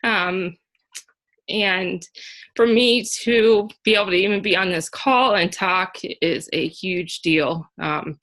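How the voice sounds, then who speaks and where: A woman sharing a personal story on a group call, hesitant and soft-spoken, with many fillers. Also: fairly low pitch. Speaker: caller sharing a testimony.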